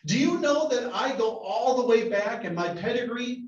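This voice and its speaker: A man's voice: extremely high pitch, animated, moderate pace, pitched above the performer's own voice. A man voicing an indignant, proud male church elder who keeps demanding to know if people realize who he is. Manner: huffy, self-important questioning. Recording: roomy, distant, dull sound.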